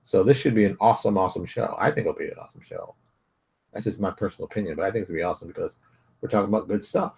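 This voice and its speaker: A man hosting his own daily show, talking casually from his home office in a blunt, animated, ranting way. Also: rapid-fire, creaky. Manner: blunt, animated ranting with big pitch jumps. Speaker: host. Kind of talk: casual solo vlog commentary.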